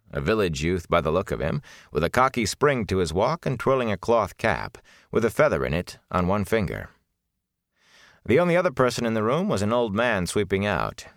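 A man with a very deep voice narrates a fantasy audiobook, measured yet lively in pitch as he tells the story. The recording is close and dry, with no room sound. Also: dry recording.

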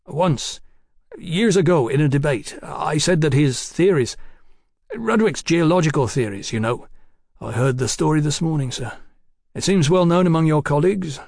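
A man's voice: fairly high pitch, expressive, moderate pace, gravelly, a little mellow, no echo, studio quality, pitched above the performer's own voice. A male narrator voicing a flustered Victorian scientist who blurts out his words in anxious indignation. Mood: agitated.

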